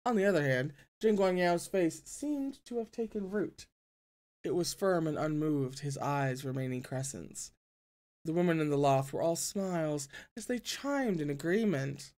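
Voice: mid-range voice, animated, normal speed, dark tone. A reader narrating a novel aloud with asides, often tripping over words and correcting them. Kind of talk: reading a novel aloud with commentary.

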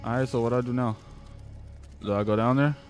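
A man's voice: mid-range voice, steady tone, quick pace, music in the background. A young man playing a horror game, chatting casually and retelling events in slangy, profane rambles. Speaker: gaming streamer. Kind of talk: casual let's-play commentary and retelling.

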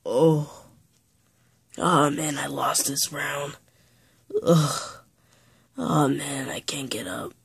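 A woman's voice: sits low, takes it slowly, creaky, long pauses, a bit bright, slightly rough. A woman narrating and voicing toys in an improvised play, talking in a half-whispered, sighing, rambling way. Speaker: toy play video maker.

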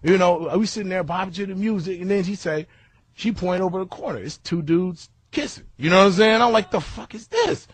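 A man with a high, husky voice tells a rambling story as casual chat. He keeps breaking off into asides and restarting his sentences. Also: lively intonation, fairly quick, no echo.

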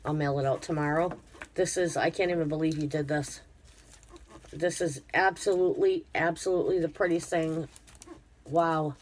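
A woman's voice: low-pitched, steady tone, moderate pace, a little hiss or hum. A woman vlogger chatting casually to her viewers while unboxing a craft gift, gushing with effusive praise. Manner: talks to viewers directly.

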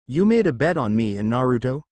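A man's voice: medium pitch, big pitch swings, a little fast, darkish tone, dry recording, close to an everyday voice. A man doing a cold, vengeful teen ninja. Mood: angry.

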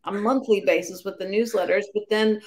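A woman's voice: mid-range voice, fairly even intonation, brisk, a little mellow. A woman co-hosting a book club stream, talking in an earnest, gushing way. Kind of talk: casual live-stream chat.

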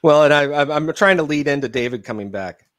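High, lively male co-host. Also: fairly quick. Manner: playful and a bit flustered. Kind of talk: casual live-stream chat.

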